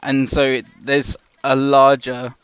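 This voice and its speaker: A man's voice: mid-range voice, monotone, slow pace, a bit bright, smooth, dry recording. A man casually talking through an animation shot as a tutor, restarting sentences as he explains. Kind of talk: live tutorial walkthrough.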